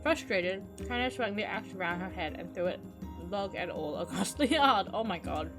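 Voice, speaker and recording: A woman's voice: mid-range voice, animated, normal speed. A woman streamer reading a game's story aloud, breaking off to swear and chat casually. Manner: casual, swears at the game, chatty asides. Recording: voice with loud game music behind.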